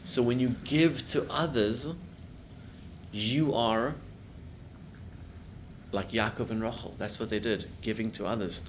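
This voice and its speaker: A middle-aged man, a rabbi, giving a class to a live group, telling stories and building to loud emphatic peaks. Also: mid-range voice, steady tone, measured pace, long pauses, slight background noise.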